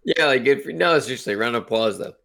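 A man in his twenties co-hosting a casual podcast, laid-back and quick to laugh and joke. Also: mid-range voice, animated, vocal fry, a bit bright. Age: 20s. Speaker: podcast co-host. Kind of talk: casual chat.

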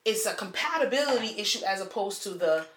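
A woman co-hosting a casual podcast, talking bluntly and profanely with emphatic, drawn-out phrasing. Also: medium pitch, lively intonation, a bit bright, roomy sound. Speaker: podcast co-host.

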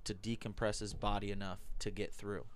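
Brief: low male voice, animated crude storyteller, faint noise behind. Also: a little fast. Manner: animated, acts out quotes. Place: garage with several people.

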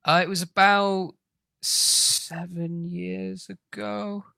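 Bright relaxed man with softened Yorkshire accent. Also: high-pitched, very slow, vocal fry, no room sound. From England. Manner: relaxed, rambling, many fillers. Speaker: guest, English teacher. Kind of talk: casual interview answers.

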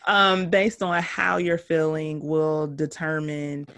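Middle-aged woman, low gravelly voice, candid co-host chatting about faith and parenting. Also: little pitch movement, slow pace, fairly bright tone. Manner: candid, laughs at herself, works through a numbered list. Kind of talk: casual faith-based parenting chat.

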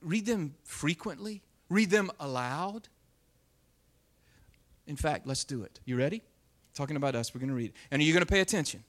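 Speaking expressively in a high voice, this male Bible teacher moves between punchy loud stretches and quiet near-whispers. He intentionally quickens and slows his speech.

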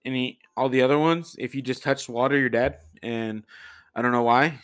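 In a smooth mid-range voice with a steady tone, a man keeps up a moderate pace while hosting his own podcast. The talk is casual and somewhat rambling, peppered with fillers and restarts.

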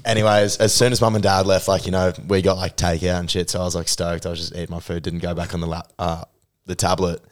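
A man's voice: low voice, flat delivery, fast talker. A young man telling a rambling story in a casual podcast chat, full of fillers and swearing. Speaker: podcast co-host.

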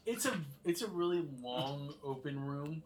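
A man's voice: fairly high pitch, animated, a little slow, noisy background. A man narrating as game master of a tabletop game, in a loose style full of "like" fillers.

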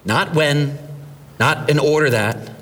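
A middle-aged man, a pastor, preaching a sermon in an animated, conversational way, asking the congregation questions. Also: a little high, takes it slowly, far from the mic.

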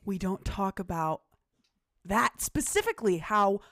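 A woman's voice: mid-range voice, big pitch swings, measured pace, fairly bright tone, no room sound, clean studio sound. A young woman co-hosting a podcast in casual chat, reacting with stunned exclamations and swearing. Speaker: podcast co-host.

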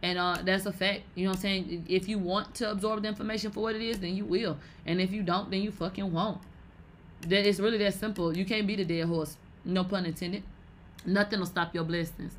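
A woman's voice: medium pitch, steady tone, fairly quick, a little hiss or hum. A woman hosting a casual livestream podcast, talking brashly and profanely in slangy commentary with laughing asides. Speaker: podcast host.

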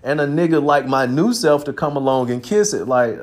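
A man's voice: a little high, normal speed, hardly any pauses. A man hosting a podcast, talking in a casual, profane and emphatic monologue. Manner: animated, profane, emphatic storytelling. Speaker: podcast host.

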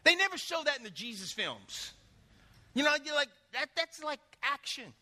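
A man preaching a sermon as pastor, telling lively stories and putting questions to the congregation. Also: very high-pitched, normal speed, long reverb tail. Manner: animated storytelling, asks the congregation questions.

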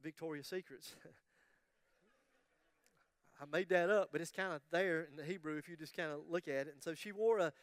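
A man's voice: a little high, normal speed, long pauses, no echo. A man preaching a sermon, telling a story with humorous asides and acting out the voices of the people in it. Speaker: pastor.

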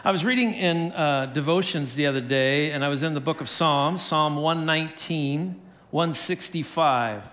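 A man's voice: a little high, normal speed, a bit bright. An older man preaching a sermon as pastor, candid and self-deprecating, often chuckling at himself.

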